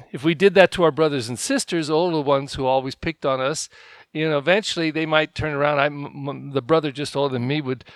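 A male pastor giving a conversational homily, telling stories and getting animated when he quotes people. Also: fairly high pitch, a little fast, no room sound. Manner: storytelling, animated when quoting others.

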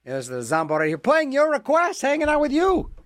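A man's voice: very high-pitched, huge pitch swings, fairly quick, a bit bright, no room sound. A man hosting a request radio show, talking in a rambling, jokey way with self-mocking asides. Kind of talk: casual radio DJ patter.

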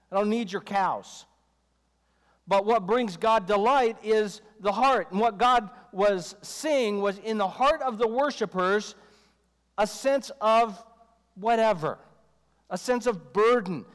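A man with a high voice preaches a sermon in a relaxed, chatty way. He breaks into joking asides and acts out the voices he quotes. His voice rings out through a hall with a long reverb. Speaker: pastor.

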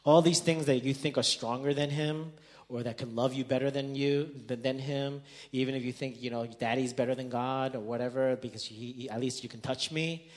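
A man preaching a sermon as a pastor, telling a story with humor and moving between loud jokes and quiet, earnest moments. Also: mid-range voice, fairly even intonation, fairly quick.

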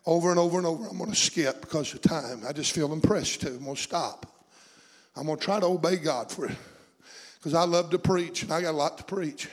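A man's voice: fairly high pitch, fairly quick, big-room sound. A man preaching a sermon in a fervent, rhythmic way, stacking repeated phrases.

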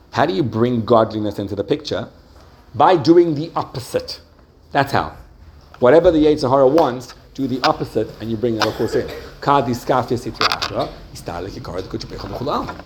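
A man's voice: mid-range voice, fairly quick, a little hiss or hum. Man teaching a class with probing questions. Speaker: religious teacher. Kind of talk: interactive Jewish class.

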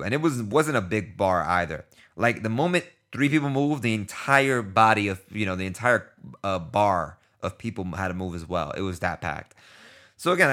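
A man from New York City hosting a podcast in his thirties, telling a story casually and acting out the dialogue in quick back-and-forth. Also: on the low side, a bit bright. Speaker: podcast host.

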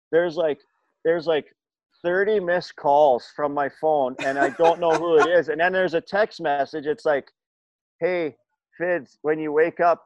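A middle-aged former hockey player tells stories in a casual chat, rambling with lots of fillers and restarts. His voice sits on the high side, and the recording is dry and dull.

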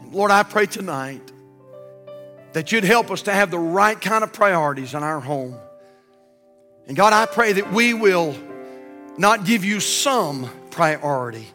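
A man with a Southern American accent, preaching a sermon as pastor, telling jokes with a rising voice and praying in a low tone. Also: fairly bright tone, long reverb tail. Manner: storytelling preacher, voice rising for punchlines and dropping low in prayer. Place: church sanctuary.

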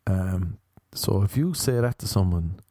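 A man's voice: sits low, animated, measured pace, mellow, dry recording, studio quality. An Irish man hosting a podcast, telling rambling, self-deprecating stories in a casual, comedic way. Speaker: podcast host.

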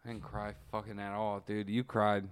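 A man's voice: fairly low pitch, little pitch movement, moderate pace, clear, resonant tone. A young man in casual chat, bantering in a dry, crude way. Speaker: podcast co-host.

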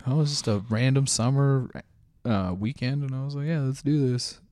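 A man's voice: medium pitch, moderate pace, dry recording. Laughing, storytelling man, dry close sound. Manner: laughs often, swears, animated retelling. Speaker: podcast guest. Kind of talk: casual storytelling.

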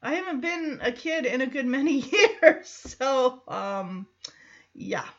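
A woman's voice: high voice, animated, slow pace, fairly bright tone, slight background noise. A woman hosting a podcast, rambling through a casual episode recap with many hesitations. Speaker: podcast host. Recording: slightly muffled podcast audio.

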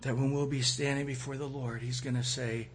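A man preaching a sermon, acting out quoted voices and swinging between loud and soft. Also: medium pitch, level tone, fairly quick, a little hiss or hum. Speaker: pastor.

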